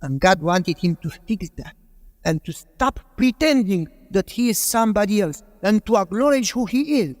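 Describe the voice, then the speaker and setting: Male pastor, high voice, emphatic storytelling sermon, reverberant hall. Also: lively intonation, moderate pace. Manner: rhetorical questions to the audience.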